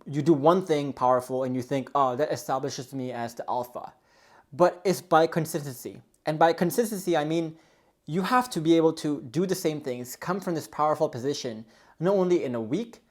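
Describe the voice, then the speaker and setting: A man's voice: fairly high pitch, darkish tone. A man speaking as a relationship coach in a coaching video, earnest and explanatory, leaning often on "really" and "you know". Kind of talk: coaching video talk to camera.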